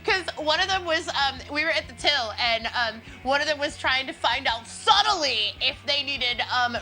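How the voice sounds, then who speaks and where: Brit girl hosting, high bright voice, giggly n sarcastic, rambly, bit of music behind, old vhs tv sound. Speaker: host. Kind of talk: chatty comedic show presenting.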